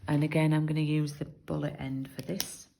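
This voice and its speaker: A woman's voice: low voice, flat delivery, moderate pace, gravelly, dark tone, low-quality recording. A woman from the UK giving a chatty, step-by-step card-making tutorial, explaining as she works. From United Kingdom. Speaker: craft demonstrator.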